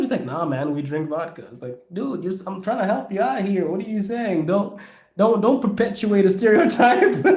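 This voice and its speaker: A man hosting his own podcast, answering viewer questions in a casual, animated way and acting out the people he quotes. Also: a little high, echoey room. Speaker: podcast host. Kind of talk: casual Q&A monologue. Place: lives in Russia.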